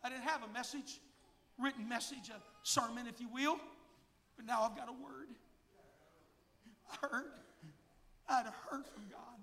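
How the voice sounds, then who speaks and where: A man in his forties preaches a sermon with a very high, piercing voice. He tells a story, dropping to a hush and then rising to a shout, and the sound rings through a large church sanctuary with a long echo. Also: steady tone, a little slow, long pauses. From United States. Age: 40s. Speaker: pastor.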